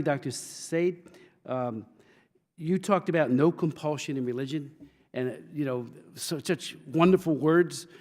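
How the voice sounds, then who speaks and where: A congressman puts questions to witnesses at a hearing, pausing often on fillers. His voice sits in a mid range. The large hearing room gives it a long, echoing reverb. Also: medium pitch, darkish tone. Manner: halting, with many fillers.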